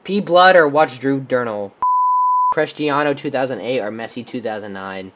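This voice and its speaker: A young Texan channel host with a mid-range, somewhat bright voice plays a would-you-rather game at a moderate pace, in a room with a squeaky chair. The lo-fi recording has a bit of hiss or hum, and he thinks out loud, rambling with many fillers and restarts.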